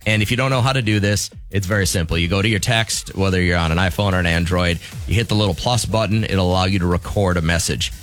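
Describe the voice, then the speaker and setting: A man hosting a morning radio show, joking around and pitching a call-in contest. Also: fast, few pauses, a bit bright, soft background music. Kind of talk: casual radio banter. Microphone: studio microphone.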